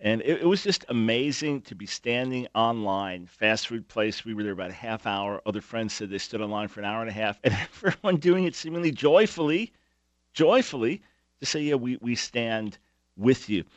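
A man's voice: mid-range voice, expressive, moderate pace, no echo. A man hosting a talk radio show, speaking emphatically with sarcastic asides.

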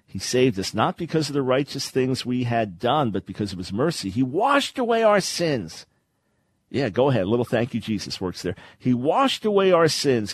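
A man's voice: mid-range voice, dry recording. A man hosts a radio Bible teaching with an emphatic, preacherly delivery and keeps circling back to repeat his points. His voice sits in an ordinary middle register. It is recorded very dry and close at a studio mic.

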